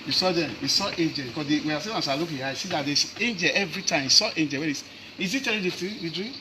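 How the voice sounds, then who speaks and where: A man's voice: a little high, quick pace, noisy background. A man preaching and questioning his congregation, repeating tag questions like "eh?" as he goes. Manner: questioning, repetitive tag questions, Nigerian Pidgin. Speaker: pastor. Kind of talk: sermon questioning children and congregants.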